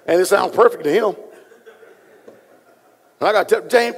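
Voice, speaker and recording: Gravelly-voiced pastor in an echoing hall. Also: male voice, sits high, normal speed, long pauses. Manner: folksy, joking, talks straight to the room. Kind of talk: sermon with casual asides to congregation. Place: large hall before a live congregation. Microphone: stage microphone being adjusted. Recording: long hall reverb, echoey.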